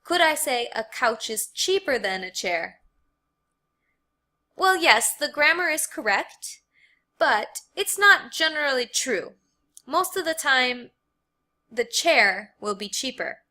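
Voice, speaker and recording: An American woman teaching an English grammar lesson, explaining slowly and carefully and repeating key words for learners. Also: high-pitched, big pitch swings, sharp tone.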